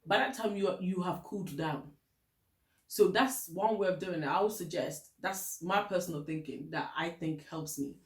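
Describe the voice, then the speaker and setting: In an echoey room, a Ghanaian woman with a lowish voice chats at normal speed, giving relationship advice as a vlogger. She speaks Ghanaian-accented English, talks candidly and laughs a lot.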